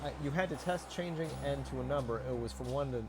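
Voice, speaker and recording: A man's voice: medium pitch, fast. A man chatting casually while playing a video game, sarcastic and joking, with some swearing. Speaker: let's play co-host. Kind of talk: casual chat over gameplay. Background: game music.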